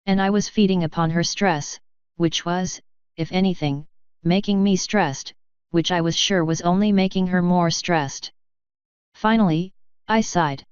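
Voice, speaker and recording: Woman, audiobook narrator, lowish voice, very smooth, dry slightly dull recording. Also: a little slow, no echo. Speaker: fanfiction reader.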